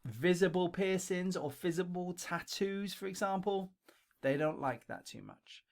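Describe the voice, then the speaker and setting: A middle-aged man with a broad London accent, talking straight to camera with blunt, chatty advice and a habit of ending points with "okay?". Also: fairly high pitch. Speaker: online English teaching coach. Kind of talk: direct-to-camera advice video. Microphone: webcam or camera facing him.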